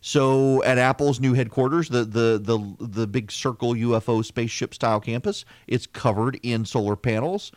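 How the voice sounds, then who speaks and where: A man's voice: mid-range voice, moderate pace, hardly any pauses, no echo, clean studio sound. A man hosting a political podcast, delivering an opinionated, conversational monologue with frequent restarts and sarcastic asides. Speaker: podcast host.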